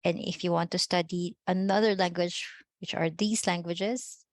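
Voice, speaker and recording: A woman's voice: fairly low pitch, fairly even intonation, normal speed, no echo. Filipino woman teacher, dry close sound. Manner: switches between English and Filipino, checks in with "okay?" and "no?". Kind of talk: online class lecture.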